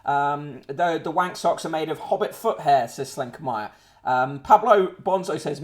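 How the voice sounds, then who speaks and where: A man's voice: on the high side, unhurried. A man hosting a casual live-streamed newspaper review, sardonic and rambling, with lots of ums and uhs. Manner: sardonic, rambling, with frequent fillers. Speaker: host.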